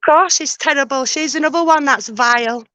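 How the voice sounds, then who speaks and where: A woman's voice: high voice, normal speed, pushed and bright, no room sound. A woman, a guest on a livestream, talking in a rambling, chatty way with lots of hesitation. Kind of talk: casual chat.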